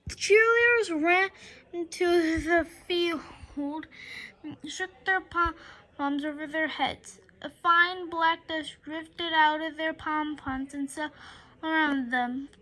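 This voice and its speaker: Woman reading a children's book aloud, very high, bright tone, animated, with stumbles and restarts. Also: takes it slowly. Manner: lively storytelling with frequent stumbles and restarts.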